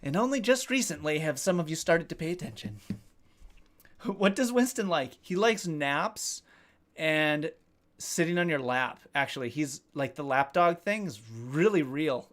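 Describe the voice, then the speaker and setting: A man's voice: fairly high pitch, animated, measured pace, a bit bright. A man hosting a casual live stream, chatting with viewers and reading their comments in a joking, self-deprecating way, swearing now and then. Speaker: livestream host.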